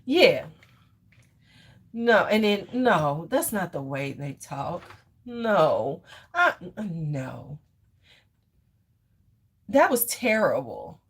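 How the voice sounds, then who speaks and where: A woman's voice: lowish voice, very animated, extremely slow, long pauses, husky. A middle-aged woman hosting a casual home livestream, blunt and joking, swearing freely, then cooing over a toddler. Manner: coos and fusses over a toddler. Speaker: livestream host. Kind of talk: casual live chat with viewers.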